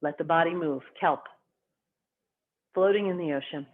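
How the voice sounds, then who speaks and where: A qigong teacher leads a class in an even, mid-range voice, giving calm, short spoken cues that follow the rhythm of the breath. The sound is thin and narrow, like a voice heard over a phone line. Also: mid-range voice, moderate pace. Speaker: qigong instructor. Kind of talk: guided qigong class instruction.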